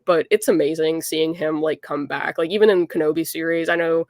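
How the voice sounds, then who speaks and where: A woman's voice: low-pitched, fairly even intonation, brisk, darkish tone, no echo, clean studio sound. Chatty young woman guest. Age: young adult. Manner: chatty, upbeat, many fillers. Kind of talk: casual fan chat.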